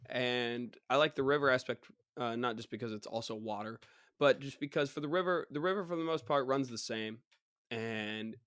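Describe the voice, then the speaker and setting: A young man hosting a casual solo podcast. His voice is partly worn out from illness, and he rambles in an animated way. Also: mid-range voice, smooth, no room sound, clean studio sound. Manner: rambling and animated, mocking others in put-on voices. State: recovering, voice partly gone. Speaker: podcast host.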